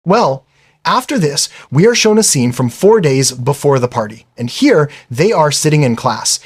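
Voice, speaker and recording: A man's voice: a little high, big pitch swings, normal speed, husky. A man narrating an anime episode recap in a chatty, casual storytelling way, often calling the listener brother. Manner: chatty, says "brother" and "literally".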